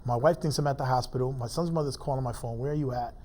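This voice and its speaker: Male interview guest, mellow low-toned voice, informal halting delivery, heavy personal story. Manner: informal, halting speech with many fillers.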